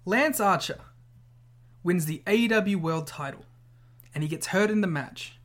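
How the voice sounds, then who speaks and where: A man's voice: sits high, a little slow, fairly bright tone. A man co-hosting a podcast in casual chat. He is blunt and profane, and he acts out scenarios as he argues. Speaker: podcast co-host.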